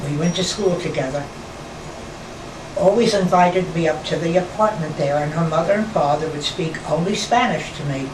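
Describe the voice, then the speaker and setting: Distant, echoey woman in her nineties. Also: low-pitched. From New York. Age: 90s. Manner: slow, rambling, with pauses and restarts. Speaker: interviewee, former nightclub performer. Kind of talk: reminiscing conversation. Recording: roomy, distant mic, air-conditioner hum.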